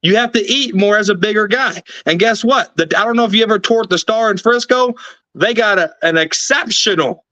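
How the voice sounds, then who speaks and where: A man's voice: sits high, fairly quick, bright, forceful tone, no room sound. A man hosting a heated sports debate, pushing back firmly and listing his points. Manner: firm, pushes back, lists players.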